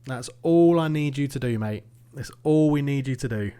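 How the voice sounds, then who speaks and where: A man commentating his own football management game, swinging between nervous muttering and excited shouting. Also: medium pitch, normal speed, clean tone. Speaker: gaming YouTuber.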